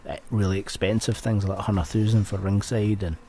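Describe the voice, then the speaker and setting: A man's voice: on the low side, fairly even intonation, fairly quick, dark tone, slight background noise. A young Scottish man co-hosting a casual podcast, swearing a lot and telling stories with laughs. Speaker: podcast co-host. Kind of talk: casual chat.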